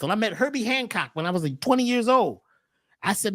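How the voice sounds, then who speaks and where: Animated, preachy man with lively pitch. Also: a little fast, dry recording, studio quality. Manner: animated, preachy, repeats words when starting. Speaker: guest. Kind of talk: casual podcast talk.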